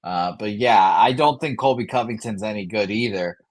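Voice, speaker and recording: A man's voice: lowish voice, moderate pace. A man on a live betting stream giving blunt, dry opinions with lots of hesitations. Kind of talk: casual live stream chat.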